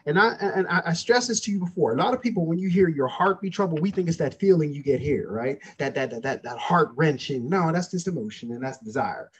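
A man's voice: a little high, expressive, brisk, few pauses, slightly rough, muffled recording. A man preaching a sermon, calling out questions to his congregation. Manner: preaching with call-outs to the congregation. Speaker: pastor.

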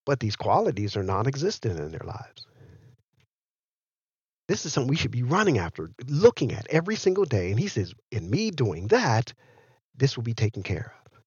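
A male pastor preaches with a lively, rising and falling delivery and keeps checking that his listeners follow. His voice is a little husky, recorded dry and slightly dull. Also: mid-range voice, normal speed, dry recording. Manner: animated preaching, asks the listeners questions. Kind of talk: sermon.

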